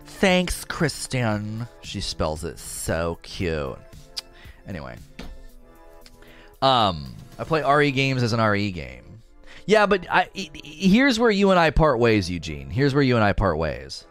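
A man in casual podcast talk, arguing his point in an animated, rambling, defensive way. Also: mid-range voice, moderate pace, faint music behind. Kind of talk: casual argumentative chat.

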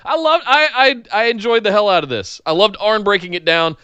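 A man co-hosting a casual chat, joking around and quick to laugh. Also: high voice, clear, resonant tone, no room sound, muffled recording. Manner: jokey, animated, breaks into laughter. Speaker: podcast co-host.

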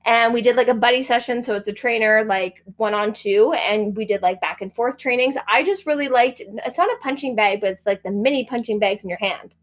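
A woman's voice: on the high side, brisk, hardly any pauses. A young woman co-hosting a podcast in casual chat, filling her talk with "like" and "um". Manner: chatty, heavy use of "like" and "um". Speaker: podcast co-host.

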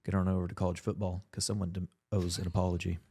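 A man co-hosting a casual sports podcast, playful and quick to tease his partner. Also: low-pitched, flat delivery, dark tone, husky. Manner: playful, teasing, jumps in with short quips. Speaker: podcast co-host.

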